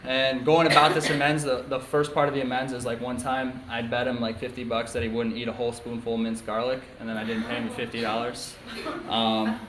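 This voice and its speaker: Fast-talking young man sharing his story. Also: medium pitch, little pitch movement, fairly bright tone. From upstate New York. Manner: candid, storytelling, many filler ums and likes. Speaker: recovery meeting speaker. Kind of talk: personal testimony at a recovery meeting. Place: meeting room. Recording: echoey room with faint hiss.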